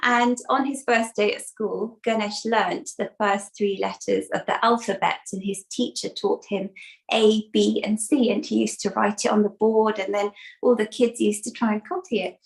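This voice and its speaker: A woman presenter telling a children's story in an animated, laughing storytelling manner. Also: mid-range voice, moderate pace, creaky, rough recording. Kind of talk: storytelling for a spiritual talk.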